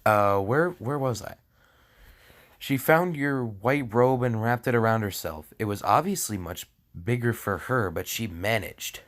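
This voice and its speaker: Slow sarcastic young man reading fan fiction. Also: lowish voice, fairly bright tone. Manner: sarcastic asides, frequent laughter, stumbles over words. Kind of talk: comedic reading with commentary.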